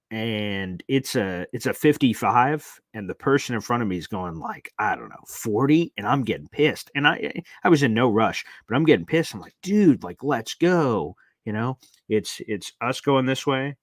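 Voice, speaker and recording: A man's voice: lowish voice, a bit bright, no echo, studio quality. Rambling man hosting a live stream. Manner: rambling, reads chat aloud, tells stories animatedly. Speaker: live show host. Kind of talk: casual live-stream chat.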